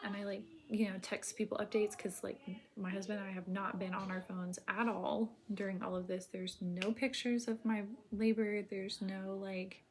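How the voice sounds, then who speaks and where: A woman's voice: mid-range voice, flat delivery, moderate pace. Rambling woman telling her birth story. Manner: rambling, heavy filler words, drops to a soft near-whisper at times. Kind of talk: casual personal storytelling.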